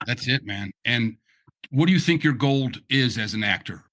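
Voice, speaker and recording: A man's voice: mid-range voice, animated, normal speed, sharp tone. A man hosting a casual interview podcast, asking encouraging follow-up questions. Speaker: podcast host.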